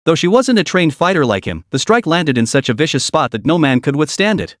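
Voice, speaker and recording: Man, scripted story narration, animated pitch, slightly high, dry close mic. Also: a little fast, dry recording. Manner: lively storytelling, reads all characters' lines himself.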